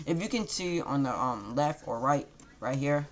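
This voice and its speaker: A man's voice: mid-range voice, expressive, moderate pace. A man casually improvising a fan fiction story, rambling and correcting himself as he goes. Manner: rambling, self-correcting, loose grammar.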